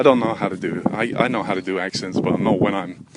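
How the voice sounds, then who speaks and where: A young man with a lowish voice rambles along as he walks, swearing freely and running himself down between tangents. Wind buffets the camera mic outdoors, and traffic passes by. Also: fast talker, hardly any pauses. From England. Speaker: vlogger. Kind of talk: rambling walk-and-talk monologue. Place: outdoors, walking by a road in the wind. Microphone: handheld camera while walking. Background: wind and passing traffic.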